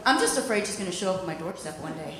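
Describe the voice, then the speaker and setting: A woman in her thirties who used to anchor TV news delivers a stand-up set on a comedy club stage, talking very fast in a low voice with lively intonation. Her punchlines are wry and self-mocking, and the echoey hall is full of loud background noise from the live audience.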